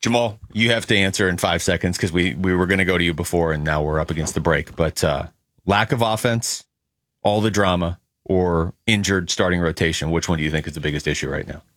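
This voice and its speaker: A man's voice: low voice, a bit bright, no echo. Sports radio guy, dry close mic, picks apart the news and cracks jokes. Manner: quick, analytical, joking. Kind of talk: sports talk radio banter.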